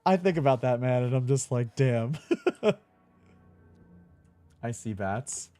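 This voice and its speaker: A man's voice: medium pitch, expressive, slow, mellow, soft background music. A young man chatting casually while playing a video game, laughing easily and swearing now and then. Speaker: streamer. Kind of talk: casual let's-play commentary.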